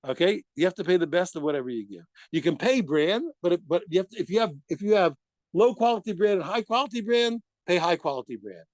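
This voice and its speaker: Animated man teaching a lesson. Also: sits high, fast talker, no echo. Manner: animated, asks rhetorical questions and answers them; corrects himself often. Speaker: Talmud teacher. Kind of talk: daf yomi study lesson.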